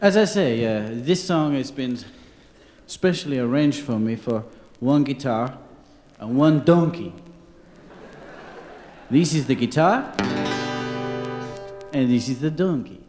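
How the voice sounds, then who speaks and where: A man's voice: mid-range voice, lively intonation, takes it slowly, pauses often. A man in a mock French accent singing a comic song on guitar on a theatre stage, braying like a donkey between verses. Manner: sings in a put-on French accent with donkey brays. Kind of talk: live comedy song performance. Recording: roomy live hall with music.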